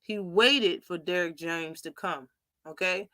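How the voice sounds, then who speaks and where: A young adult woman hosting a casual live commentary show, opinionated and animated, acting out quoted lines as she tells them. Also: lowish voice, unhurried, no room sound. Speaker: host.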